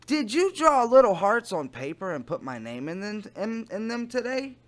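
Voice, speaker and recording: A man playing a smarmy adult man sweet-talking online, with a slow, doting, syrupy delivery. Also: high voice, sing-song.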